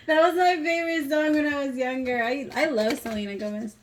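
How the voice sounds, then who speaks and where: A woman's voice: sits high, fairly even intonation, brisk, hardly any pauses, slight background noise. A woman in her thirties giving a casual tarot reading, chatty and emotional, with some casual swearing. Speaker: tarot reader.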